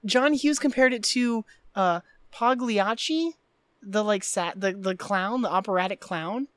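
Animated woman podcast host, dry sound. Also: mid-range voice, moderate pace, clear, resonant tone, no echo. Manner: animated, recounts scenes with lots of "like" fillers. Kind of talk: casual podcast chat recapping a film.

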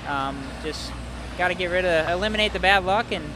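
Young rider over track engine noise. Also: male voice, high-pitched, fairly quick. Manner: relaxed, matter-of-fact. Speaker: pro motocross rider. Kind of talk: casual post-race interview. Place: outdoors at a motocross track.

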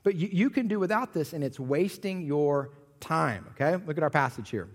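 A man in his thirties preaching a sermon as pastor, with animated storytelling and jokey asides. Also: on the high side, moderate pace, big-room sound.

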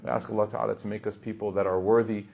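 A man in his thirties giving a casual religious talk to a gathering, telling jokey stories about his kids and getting loud in the funny parts. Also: on the low side, quick pace, creaky. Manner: storytelling, jokey, animated, rising loud in funny bits. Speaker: religious teacher. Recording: dull lo-fi sound.

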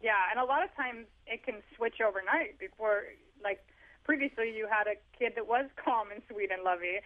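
A high, slightly quick voice belongs to an author calling in for a casual interview about parenting. The telephone audio is tinny, and he fills it with funny tales that make fun of himself.

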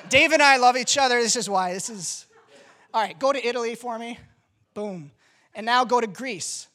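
Woman pastor, casual sermon, animated, joking, fairly high voice, talkative.

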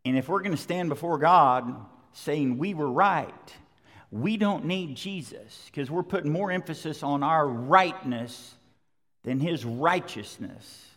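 A man's voice: a little high, a little slow, fairly bright tone. A middle-aged man preaching a sermon, conversational yet emphatic, driving points home with repetition. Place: large church sanctuary. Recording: long hall reverb.

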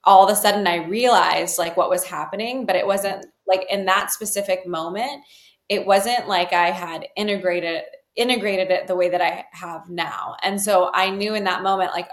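A woman's voice: mid-range voice, steady tone, moderate pace. A woman telling her personal story in an interview, talking loosely with many fillers and restarts. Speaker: guest, healer. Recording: roomy echo.

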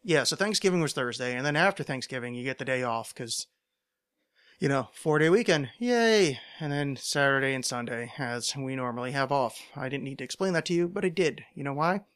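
A man's voice: medium pitch, a little fast, fairly bright tone. A man from the United States hosting his own podcast, talking alone into a microphone in a rambling, self-deprecating way with wry asides. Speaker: podcast host. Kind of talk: solo casual monologue. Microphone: home podcast microphone.

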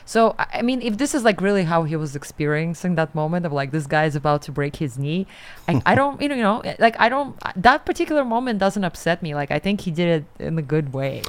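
A woman co-hosting a casual podcast chat, reacting in an expressive, emphatic way. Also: fairly low pitch, fairly quick.

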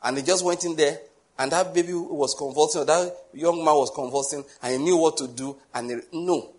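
A middle-aged man preaching a sermon, animated, asking rhetorical questions and acting out little scenes. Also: fairly high pitch, brisk.

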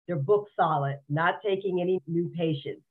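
Her voice is on the low side and slightly rough, at normal speed, heard over a thin, phone-like remote connection. As a podcast guest in a candid interview, she shares her personal story frankly and earnestly, frequently repeating words.

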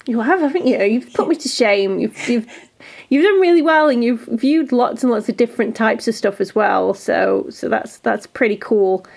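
A woman co-hosts a casual podcast. She speaks in an earnest, thoughtful way in a slightly high voice and often restarts her sentences. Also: animated, normal speed, vocal fry, darkish tone, husky. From English Midlands. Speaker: podcast co-host.

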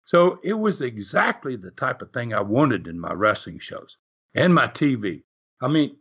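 Animated chuckling man telling a story. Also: medium pitch, breathy edge. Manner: animated, chuckles often, acts out quotes. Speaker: wrestling promoter and TV producer. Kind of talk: storytelling anecdote. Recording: dull lo-fi recording.

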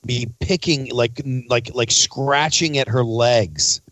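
A man who is a chef and podcast host, chatting casually and reading ads in a profane, animated storytelling way. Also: mid-range voice, slow pace, no room sound. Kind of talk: casual chat and host-read ad.

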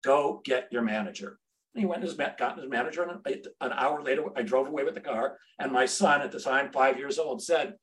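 A man's voice: medium pitch, fairly quick, fairly bright tone. A middle-aged man, a sales trainer and podcast guest, telling a brash, humorous story and acting out the dialogue.

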